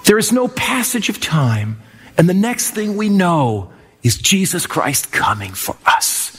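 High-voiced emphatic preacher in a hall. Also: male voice, fairly bright tone. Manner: emphatic preaching, swinging between slow drawn-out and fast delivery. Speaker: pastor. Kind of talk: sermon.

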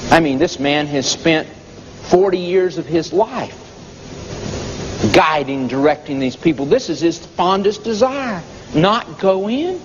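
A man preaching a sermon, telling a story slowly and dramatically, his pitch swinging between high and low. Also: animated, gravelly. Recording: dull reverberant hall recording with noise.

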